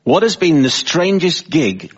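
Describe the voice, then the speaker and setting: Male panel-show host, slightly high voice, brisk delivery, lo-fi broadcast sound. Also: sing-song, slightly rough. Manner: brisk, reads scores and questions. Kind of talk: scripted hosting of a comedy panel show.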